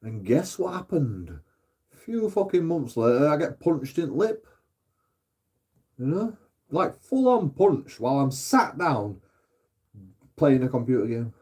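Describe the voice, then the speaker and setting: English streamer guy rambling, swearing a lot, low dark tone, laughs at himself. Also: big pitch swings, unhurried, long pauses. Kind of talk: casual rant to viewers.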